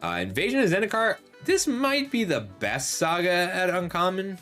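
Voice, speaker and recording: A man talks through a card set review in a lively, up-and-down voice, chatty and analytic, catching and fixing his own phrasing as he goes. His voice is a little worn from talking, and faint music plays underneath. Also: sits high, moderate pace. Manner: chatty and analytic, with frequent ums and self-corrections. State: slightly losing his voice. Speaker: host reviewing game cards.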